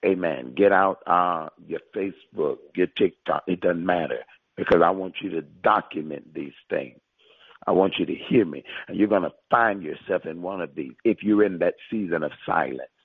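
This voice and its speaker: A man's voice: low-pitched, moderate pace, breathy edge, no echo. A male pastor preaching and prophesying to listeners on a conference call, emphatic and repetitive, drawing out key phrases. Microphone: phone line. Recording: tinny phone line.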